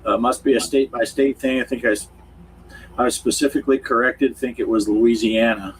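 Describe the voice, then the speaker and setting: A man's voice: medium pitch, fairly even intonation, fairly quick. Chatty, rambling man on a noisy stream. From Pennsylvania. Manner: rambling, chuckling storyteller. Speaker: co-host. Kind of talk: casual livestream chat.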